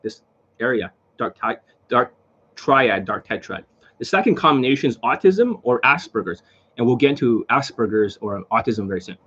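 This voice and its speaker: A man's voice: mid-range voice, fairly bright tone, breathy edge. A man lecturing casually as a dating coach, rambling and profane, in a dull lo-fi recording. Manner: rambling, profane, lots of fillers.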